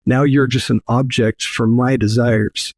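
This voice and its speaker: A man's voice: medium pitch, fairly even intonation, measured pace, no echo. A man speaking as a podcast guest, earnest and emphatic, repeating key phrases. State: briefly emotional. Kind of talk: earnest interview talk.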